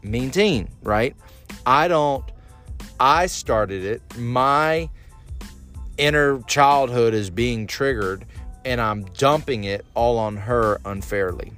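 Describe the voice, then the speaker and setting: A man's voice: mid-range voice, takes it slowly, faint music behind. Self-critical man, candid solo podcast. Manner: self-critical, animated, quotes his own angry outbursts. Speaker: podcast host.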